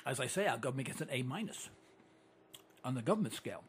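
A male radio talk show host, delivering an animated, ranting, opinionated monologue into a studio microphone. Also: mid-range voice, fast, slight background noise. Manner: animated and ranting, with repeated catchphrases.

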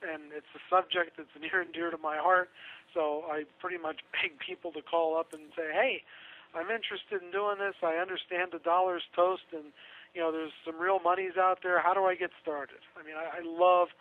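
A man's voice: sits high, level tone, moderate pace. A man talking casually on a radio show, chatty and sarcastic, laughing through his own asides. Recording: tinny phone line.

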